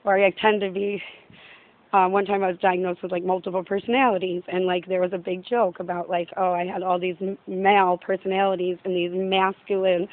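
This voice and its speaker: A woman rambles through a personal faith reflection outdoors, looping back on herself with constant "like" and quick laughs. Her voice sits at an ordinary middle pitch for a woman. It comes through narrow and tinny, like a phone line. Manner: meandering, heavy use of "like", frequent laughs. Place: outdoors in a yard.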